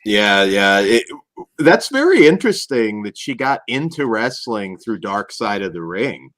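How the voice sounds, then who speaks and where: A man's voice: lowish voice, very animated, unhurried, a bit bright, dry recording. A man hosting a podcast interview, offering brief agreement and reflective comments. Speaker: podcast host. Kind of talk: casual interview chat.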